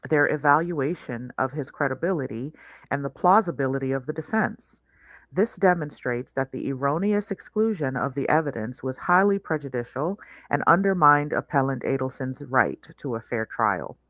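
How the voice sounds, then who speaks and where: A woman's voice: sits low, fairly bright tone, no room sound. Dry-voiced woman reading a legal brief. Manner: sardonic asides between read passages. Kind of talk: reading a court filing aloud with commentary.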